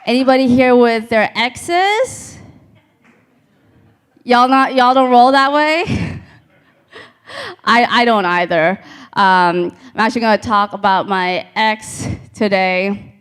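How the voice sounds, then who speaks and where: A woman performing a stand-up comedy set on a live stage, telling deadpan stories and talking to the crowd. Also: fairly high pitch, slow pace, long pauses, clear, resonant tone. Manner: deadpan storytelling with crowd asides.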